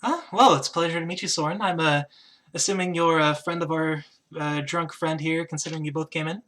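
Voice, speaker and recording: A kind young queen, voiced softly by a man running a tabletop game. She speaks quietly and gently, polite and unhurried. The tone stays bright. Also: on the high side, fairly even intonation, lightly acted. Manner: soft-spoken, gentle. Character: kind, calm queen in her mid-thirties.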